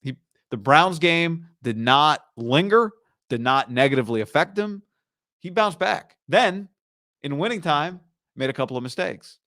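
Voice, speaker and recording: A man's voice: a little high, lively intonation, measured pace, pushed and bright, no room sound. Emphatic male sports talk host, dry sound. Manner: emphatic, repeats lines for punch. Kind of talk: casual sports commentary monologue.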